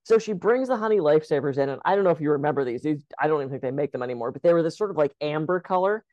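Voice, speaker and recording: A woman's voice: sits low, racing, no echo, lo-fi sound. Chatty woman telling stories, dry sound. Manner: lively, chatty storyteller who acts out quotes. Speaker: podcast co-host. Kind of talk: casual conversational podcast.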